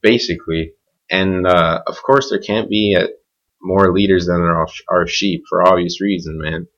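A podcast host with a deep voice rants solo and off the cuff, blunt, profane and rambling. His intonation stays fairly even and his tone is fairly bright, delivered at a moderate pace. The home recording sounds dull and lo-fi.

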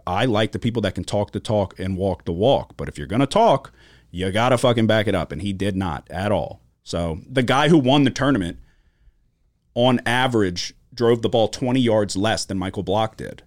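Speaking at normal speed in a lowish voice, this man is heard on a dry recording as a studio podcast co-host. His storytelling is casual, animated and profane, with plenty of swearing and voices put on for quoted lines.

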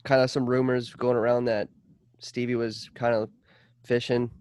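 A man co-hosting a casual sports podcast, rambling loosely in quick bursts and tossing in goofy asides. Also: mid-range voice, little pitch movement, darkish tone, smooth, no echo, studio quality. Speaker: podcast co-host.

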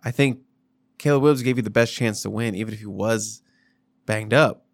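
Low gravelly guy rambling about football on a podcast, lots of "like", dry sound. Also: normal speed, no room sound. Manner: rambling, lots of fillers and restarts. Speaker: podcast co-host. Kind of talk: casual sports chat.

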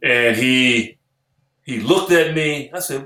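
In his sixties, this ex-player turned analyst chats as a podcast guest, telling stories slowly in a bright, forceful, mid-range voice. He animatedly acts out quoted dialogue and repeats phrases for emphasis, captured in a roomy, echoey room.

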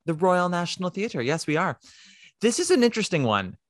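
A man's voice: high-pitched, very animated, a little fast, no echo, clean studio sound. A man hosting a theatre podcast in casual chat, wry, opinionated and teasing. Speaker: podcast host.

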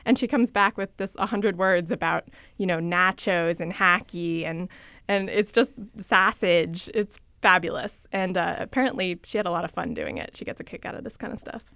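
A woman telling a story in a lively, chatty radio conversation. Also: fairly low pitch, moderate pace, no room sound, clean studio sound.

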